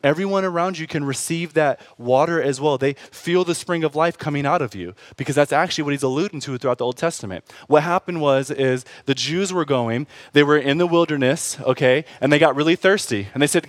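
A man preaching a sermon in an animated, conversational way, often tossing in quick asides to the congregation. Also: fairly high pitch, no echo. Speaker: pastor.

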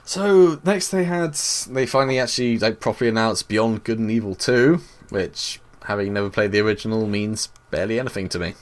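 A British man with a fairly low voice co-hosts a casual podcast. He talks in a chatty, opinionated way, full of likes and filler words. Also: brisk, hardly any pauses. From Britain. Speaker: podcast co-host. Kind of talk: casual chat. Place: Bristol.

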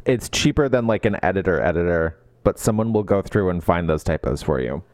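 A man co-hosting a podcast, chatting casually about a book and acting out characters' lines in quick quoted voices. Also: deep voice, expressive, darkish tone. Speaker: podcast co-host.

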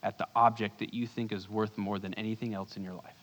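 A man preaching a sermon as pastor, earnest, moving between urgent bursts and hushed low lines. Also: little pitch movement, fast talker. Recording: long hall reverb.

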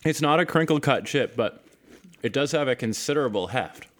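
A playful man co-hosting a casual chat show, with a plain mid-range voice. He rambles through his thoughts, often restarting his sentences, and jumps into quick jokey asides. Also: mid-range voice, lively intonation, a bit bright. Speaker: podcast co-host.

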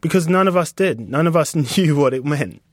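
A man's voice: a little high, expressive, dry recording. British man talking things through, dry sound. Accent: British English. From England. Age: 30s. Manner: reflective, halting with many restarts and fillers. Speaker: guest designer. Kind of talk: casual interview conversation.

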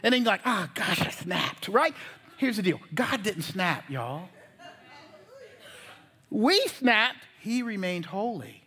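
Animated high-voiced pastor preaching. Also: male voice, slow pace, long pauses. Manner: animated, folksy preaching with jokes and asides to the congregation. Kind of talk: sermon.

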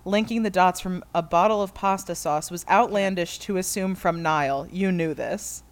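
A woman's voice: fairly low pitch, moderate pace. A woman reading fan fiction aloud to friends, often breaking into laughter as she goes. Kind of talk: comedic dramatic reading.

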